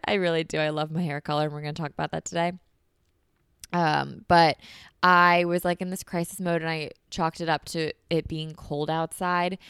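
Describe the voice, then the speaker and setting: A woman's voice: low voice, a bit bright, clean tone, dry recording, clean studio sound. A young woman hosting a casual solo podcast, chatty and bubbly, saying "like" a lot and a little congested from allergies. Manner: bubbly, chatty, heavy use of "like". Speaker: podcast host.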